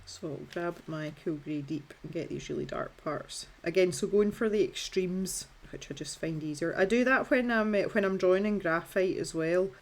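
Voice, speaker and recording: A woman's voice: on the low side, moderate pace, few pauses. A Scottish woman in her thirties, talking casually through a colouring tutorial in a chatty, self-deprecating way. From Scotland. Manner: chatty and self-deprecating, with filler words and restarts.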